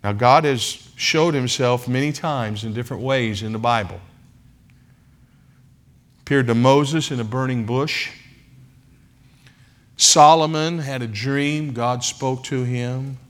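A male pastor delivers a sermon in a church sanctuary, speaking slowly at a mid-range pitch. He leans on emphasis, repetition and long dramatic pauses to drive each point home.

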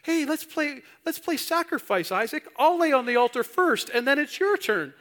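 A man's voice: very high-pitched, sing-song, moderate pace, a bit bright, voice pushed up, exaggerated voice. A man voicing a father who playfully coaxes his son into a game, with a sing-song manner. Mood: coaxing.

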